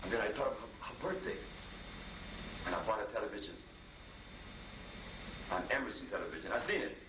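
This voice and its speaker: Male healer telling stories to an audience, animated pitch, distant roomy mic. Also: brisk. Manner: lively, conversational, repetitive storytelling. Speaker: healer giving a talk. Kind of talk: anecdotal lecture storytelling. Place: room with a live audience. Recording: roomy, distant, noisy live recording.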